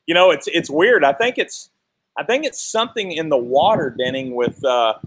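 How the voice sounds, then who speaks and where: A man's voice: on the high side, lively intonation, moderate pace, a bit bright, slightly rough. A man hosting a live sports talk show, joking with a guest, teasing and congratulating him. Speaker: sports broadcaster and show host.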